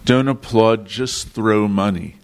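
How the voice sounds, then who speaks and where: Author from Washington, D.C., man, measured slow reading, low-ish pitch. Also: crowd noise. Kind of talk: prose reading at a showcase.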